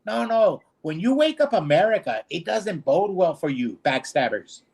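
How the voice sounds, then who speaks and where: A man's voice: sits high, sing-song, moderate pace, vocal fry, darkish tone, slightly rough. A man co-hosting a streamed talk show, ranting bluntly and indignantly in casual discussion. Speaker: co-host.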